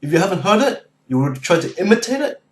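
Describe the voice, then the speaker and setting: A man's voice: sits high, sing-song, a little hiss or hum. A man doing a brash Western Sydney lad. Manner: brash, rapid. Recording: echoey room.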